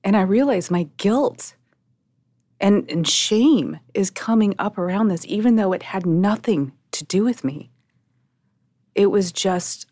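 A woman's voice: medium pitch, dark tone, no echo. A middle-aged woman co-hosting a podcast, talking candidly and emotionally, often restarting her sentences as she searches for words. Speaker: podcast co-host.

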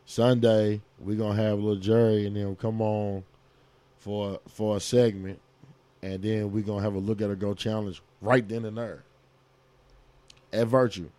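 A man co-hosts a podcast in a brash, hyped way and swears freely. His voice is lowish and mellow. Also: level tone, a little slow, no echo. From Kentucky, US. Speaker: podcast co-host. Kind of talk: casual podcast chat.

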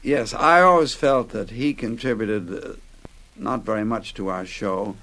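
An older man, a former radio host, reminiscing in an interview in a measured way. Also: lowish voice, a bit bright.

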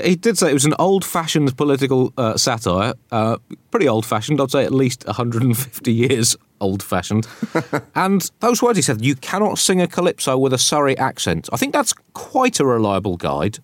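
A man's voice: medium pitch, dry recording, studio quality. A man co-hosting a satirical comedy show, mock-serious and sardonic, often laughing at his own jokes. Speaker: co-host.

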